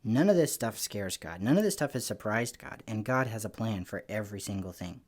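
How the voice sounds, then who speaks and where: A man giving a lively children's church lesson, telling stories in an animated, playful way with little voices. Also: on the low side, brisk. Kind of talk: lively kids' lesson talk.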